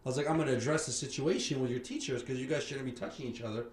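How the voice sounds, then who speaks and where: A man hosting a podcast, telling stories in a casual, animated chat, cursing freely and acting out what others said. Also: medium pitch, very fast. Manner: animated storyteller, swears freely, acts out quoted voices. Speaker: podcast host. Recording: roomy sound with faint background noise.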